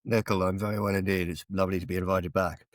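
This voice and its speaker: A middle-aged British man, a retired general, speaking in a low, fairly deep voice. He chats casually and keeps ending points with tag questions like "isn't it?". The sound is dry and close, with no room around it. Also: little pitch movement, quick pace, dry recording. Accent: British English. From England. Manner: talks in tag questions, repeats words as he starts. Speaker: retired army general, guest. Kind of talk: casual conversational interview.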